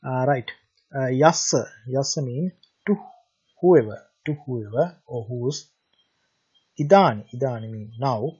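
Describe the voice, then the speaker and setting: Sri lankan guy teaching pali, slow and careful, lots of uhs, husky, kinda dull lo-fi sound. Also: medium pitch, darkish tone. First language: Sinhala. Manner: hesitant, many "uh" pauses, reads each word then its meaning. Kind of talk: slow classroom-style language lesson. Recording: dull lo-fi recording.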